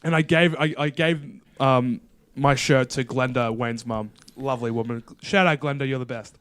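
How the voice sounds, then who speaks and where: A man's voice: mid-range voice, fairly even intonation, normal speed, fairly bright tone, clean tone, dry recording. A young man on a casual podcast, telling enthusiastic, chatty anecdotes. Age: young adult. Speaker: podcast guest.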